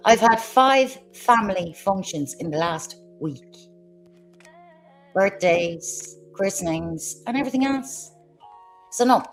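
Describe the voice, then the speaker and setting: Combative woman on a livestream. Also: fairly low pitch. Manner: combative, sarcastic, swearing. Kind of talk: heated livestream rant.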